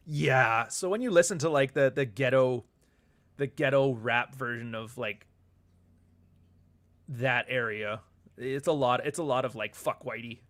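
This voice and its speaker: A man's voice: medium pitch, measured pace, long pauses, a bit bright. A man hosts a loose, rambling livestream chat with a mid-range voice. He swears freely and drifts between topics, breaking into laughter and reading out viewer comments as he goes. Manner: rambling and profane, with frequent laughs; reads viewer comments aloud. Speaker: author and livestream host.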